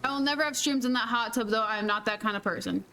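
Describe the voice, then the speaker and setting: Brief: chatty woman game streamer, playful and giggly, high voice. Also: quick pace, sharp tone, a little hiss or hum. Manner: chatty, laughs often, playful mild cursing. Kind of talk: casual gameplay chat.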